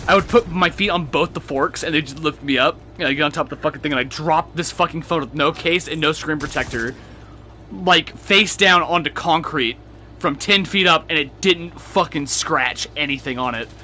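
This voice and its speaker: A man's voice: fairly high pitch, normal speed, sharp tone, slight background noise. A young man chatting casually while gaming, swearing freely and laughing through his stories. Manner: profane storytelling, laughs often.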